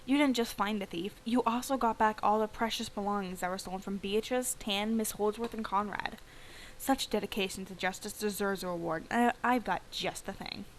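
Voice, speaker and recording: A woman's voice: medium pitch, slight background noise, natural voice, rough recording. A woman reading a kind stable girl.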